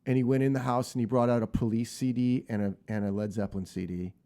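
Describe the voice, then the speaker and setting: A man in his fifties chats as a guest in an interview. His voice sits in a middle register, and he tells stories in a lively way, often stopping to restart a phrase. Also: medium pitch, fast talker. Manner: lively anecdotal, frequent restarts. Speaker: guest guitarist. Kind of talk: casual interview storytelling.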